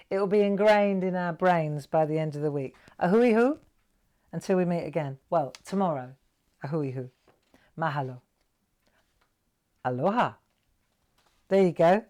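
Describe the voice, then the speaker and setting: A woman's voice: deep voice, a little mellow. A woman hosting a live craft tutorial, chatting and encouraging viewers as she draws. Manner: chatty, encouraging, talks to viewers while drawing. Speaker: craft show host.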